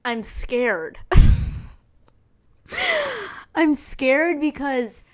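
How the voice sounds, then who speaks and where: Seen on camera as she records, a twenties-aged woman runs her own podcast, chatting casually in a rambling, emphatic style full of fillers and curse words. Her voice is fairly high and a bit bright, at a normal speed.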